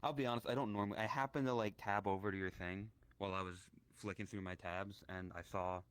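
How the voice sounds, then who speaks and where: A man's voice: fairly low pitch, fairly even intonation, quick pace, clear, resonant tone, dry recording, low-quality recording. A man chatting casually with a streamer friend, teasing and playing mock offense. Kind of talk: casual chat.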